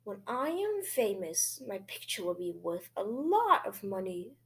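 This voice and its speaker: A woman's voice: mid-range voice, very animated, measured pace, a bit bright, breathy edge, exaggerated voice. A woman doing a vain little schoolgirl. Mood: showy.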